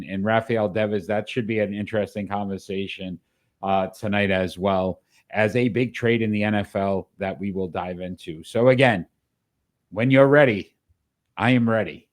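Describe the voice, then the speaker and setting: A man's voice: on the low side, a little slow. A man hosting a live sports talk show, with an upbeat, announcer-like delivery.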